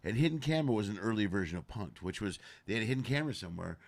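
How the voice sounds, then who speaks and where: A man's voice: on the low side, rapid-fire. A man hosting a casual comedy stream, telling stories and acting out bits. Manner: animated storyteller, acts out bits. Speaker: comedy show host. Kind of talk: casual live-stream chat.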